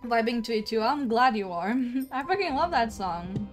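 With faint music in the background, a young woman livestreams a game and comments on her play at a moderate pace. Her fairly high voice is animated as she swears a lot and laughs often in exasperation.

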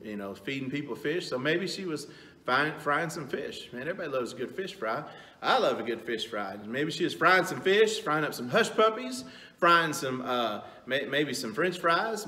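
A man's voice: on the high side, sharp tone, reverberant. A middle-aged man giving a casual, rambling youth sermon, telling stories with lots of fillers. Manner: rambling, folksy storytelling with many fillers. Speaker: youth pastor. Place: church sanctuary.

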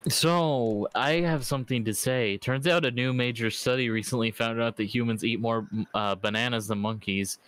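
A man delivering deadpan one-liner jokes in casual chat while gaming. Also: medium pitch, moderate pace, few pauses, clean tone, poor audio.

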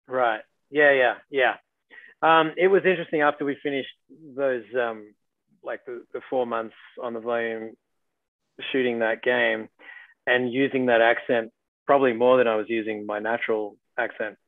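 An Australian actor, appearing as a guest in a casual video-call interview, rambles along with fillers and restarts. His mid-range voice has a steady tone at a normal pace. The call audio sounds tinny and phone-like, dry with no room sound.

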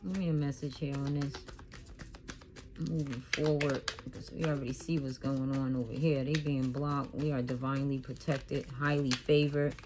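A woman doing a casual, profane tarot reading monologue, animated and laughing often. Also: extremely low pitch, normal speed, noisy background. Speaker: tarot reader.

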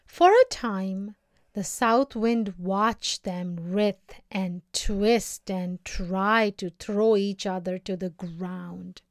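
Very slow expressive woman storyteller. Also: mid-range voice, dry recording, clean studio sound. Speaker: reader. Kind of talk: storybook read-aloud.

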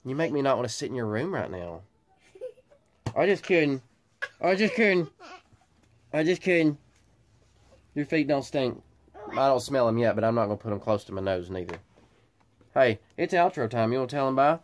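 A man's voice: medium pitch, fairly quick. A man in his thirties telling stories on his family vlog, his voice jumping up and down with plenty of life. He jokes around in a loose, drawling way, close to the camera mic. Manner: animated, joking, drawling. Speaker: vlogger. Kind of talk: casual vlog chat.

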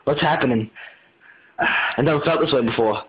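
A man in a homemade comedy skit, excited and giddy, often shouting. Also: mid-range voice, moderate pace, reverberant. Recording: muffled lo-fi audio with loud noise.

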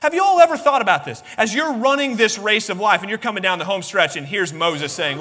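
High, bright-voiced impassioned male preacher. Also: lively intonation, a little fast, hardly any pauses. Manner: impassioned preaching, acts out voices of biblical figures. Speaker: pastor. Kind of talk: sermon. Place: church sanctuary. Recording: long church reverb.

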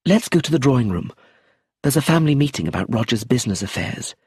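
A man voicing a determined young woman who speaks clearly, in an audiobook. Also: medium pitch, sing-song, fast talker, a little mellow, no room sound, studio quality, voice pushed up, full character voice.

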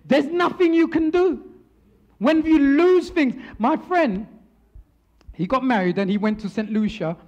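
A man's voice: very high voice, measured pace, lo-fi sound. A male preacher telling stories in a sermon, playful and teasing the congregation. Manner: animated, playful, teases the congregation. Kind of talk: storytelling sermon. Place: church.

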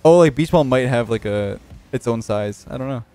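A man giving excited, casual commentary while playing a video game with a friend, with loud bursts of cheering and laughter. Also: medium pitch, moderate pace, soft background music. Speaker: gaming channel host.

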